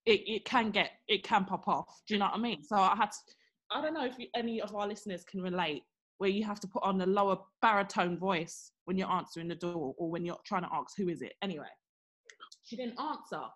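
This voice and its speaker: A woman's voice: mid-range voice, a little fast. A young woman, co-hosting a podcast and telling a story in casual chat, acting out the people she quotes. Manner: animated, acts out quotes with exaggerated voices. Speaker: podcast co-host.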